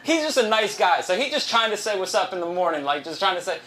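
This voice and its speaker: Young male comic, stand-up set, bright forceful tone, rambling and profane. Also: sits high, very animated, fast, slight background noise. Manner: rambling, profane storytelling, laughing at own jokes. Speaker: stand-up comedian. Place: live comedy show at a restaurant venue.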